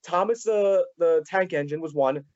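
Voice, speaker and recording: A man hosting a casual fan interview, talking in a rambling, halting way with many restarts. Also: fairly high pitch, a little mellow, no echo, lo-fi sound. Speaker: podcast host.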